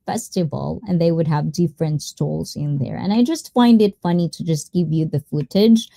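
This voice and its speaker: A woman's voice: sits low, creaky, mellow, no echo. A woman hosting a casual livestream chat, playful and teasing with her viewers and mixing Tagalog fillers into her English. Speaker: livestream host.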